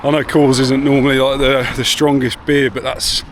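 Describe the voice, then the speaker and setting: Speaking at a normal speed, this man has a medium-pitched voice with little pitch movement. He films a laid-back walking vlog on town streets and in a car, rambling along with the odd swear word as street noise plays behind him.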